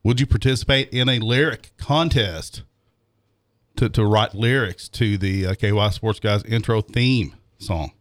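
A man's voice: fairly low pitch, measured pace. A man co-hosting a casual sports radio show, rambling and self-deprecating, chuckling as he talks.

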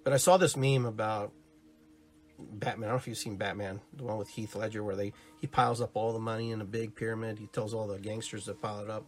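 A man hosting a spiritual podcast, talking casually and live to his listeners. He muses and rambles with many restarts and asides, and grows animated when he tells stories. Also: on the low side, quick pace, soft background music. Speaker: podcast host on spiritual and holistic topics.

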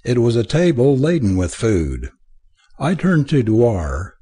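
A man reads an adventure audiobook in the first person with a theatrical flair. His voice is husky, and his pitch swings widely, rising and falling to carry the drama of each line. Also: a little slow. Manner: expressive, theatrical reading. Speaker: audiobook narrator.

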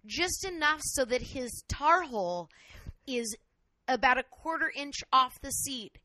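A woman co-hosting a casual chat, telling a crude, outraged story in an animated way. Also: high voice, measured pace, dry recording.

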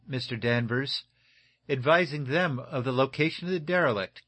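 A man voicing an earnest middle-aged shipyard owner who talks in an excited, explanatory way. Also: mid-range voice, no room sound, lightly acted.

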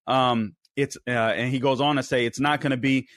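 A man's voice: mid-range voice, fairly even intonation, normal speed, fairly bright tone, no echo, studio quality. A man hosting a political talk show, delivering heated, emphatic commentary with many fillers and restarts.

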